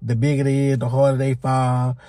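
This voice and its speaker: A man's voice: medium pitch, level tone, fairly quick, warm tone, no echo, pitched below the performer's own voice, natural voice. A man voicing his strict mother, who talks to her son in a blunt, stern way.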